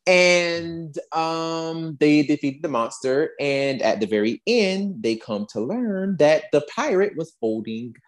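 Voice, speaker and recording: A woman co-hosting a podcast tells a story in casual chat, sounding emphatic and exasperated. Her low voice has lively intonation, and she speaks slowly with few pauses.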